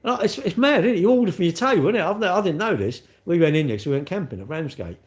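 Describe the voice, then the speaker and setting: A man's voice: sits high, animated, racing. A man, chatting casually on a live stream and answering his chat with cheeky, rambling banter. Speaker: livestreamer reading chat.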